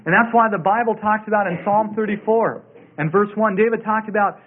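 A man's voice: high voice, brisk. A man teaching a Bible study in a sermon style, emphatic and repeating his key words. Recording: tinny phone-like radio broadcast.

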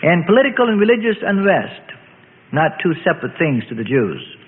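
A man's voice: on the high side, sing-song, normal speed. A man reading a dramatic historical story aloud in a storytelling cadence. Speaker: narrator. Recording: phone-like radio sound, long reverb.

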